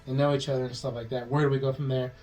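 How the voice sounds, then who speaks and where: A man co-hosting a podcast, pitching a movie plot in a rambling, swearing way and acting out the characters' lines in quick changing voices. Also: flat delivery, darkish tone, low-quality recording. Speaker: podcast co-host.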